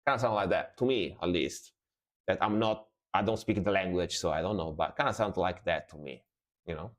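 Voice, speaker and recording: A man's voice: low-pitched, fairly quick. A man reacting to music on a live stream, casual and rambling, with many fillers and repeated words.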